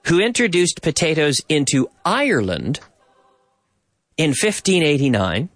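Man, radio host, lively animated delivery, dry studio sound, faint music underneath. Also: on the high side, a little slow, no room sound. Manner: animated, explains clips, drops in Spanish translations. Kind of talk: bilingual radio show chat.

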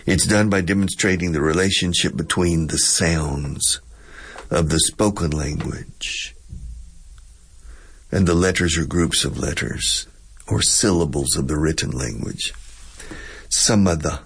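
A man's voice: a bass voice, a little slow, husky. A man teaching English on the radio, who explains pronunciation and repeats words to demonstrate them.

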